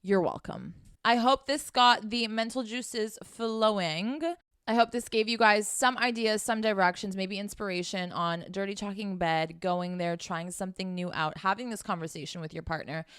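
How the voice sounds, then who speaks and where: A woman's voice: medium pitch, fairly even intonation, normal speed, fairly bright tone, smooth, dry recording, clean studio sound. Frank, profane woman giving dating advice. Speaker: dating and sex coach. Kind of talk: casual advice vlog.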